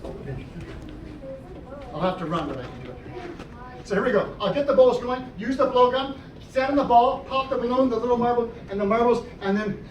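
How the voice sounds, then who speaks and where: Joking high-voiced man performing live, echoey. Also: animated, a little fast, lo-fi sound. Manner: playful, joking, explains each trick step by step. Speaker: children's juggler and entertainer. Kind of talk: live stage show patter. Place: library program room, indoors. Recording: roomy, distant, noisy audience recording.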